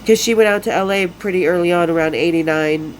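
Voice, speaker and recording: A woman's voice: on the low side, quick pace, slight background noise, low-quality recording. A woman in her fifties from Utah, hosting a podcast and telling a story casually, bluntly and with lots of swearing. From Salt Lake City, Utah. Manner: blunt, profane, laughs often. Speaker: podcast host.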